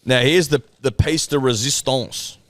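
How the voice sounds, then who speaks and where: A man's voice: mid-range voice, unhurried, fairly bright tone, dry recording. An Australian man co-hosting a podcast, joking and swearing through casual banter at a studio mic. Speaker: podcast co-host. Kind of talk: casual chat.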